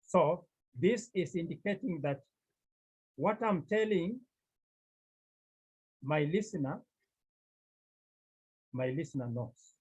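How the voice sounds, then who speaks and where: A man teaching a Greek class, explaining slowly and repeating key phrases for his students. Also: on the high side, darkish tone, slightly rough, highs cut off. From Cameroon. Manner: slow, repetitive explaining. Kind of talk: classroom lecture.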